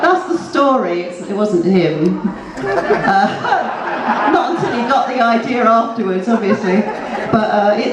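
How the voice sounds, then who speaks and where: A woman's voice: mid-range voice, darkish tone. A woman on a convention panel chatting in a giggly, self-mocking way. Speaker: panel guest. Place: convention hall. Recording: echoey hall, distant mic.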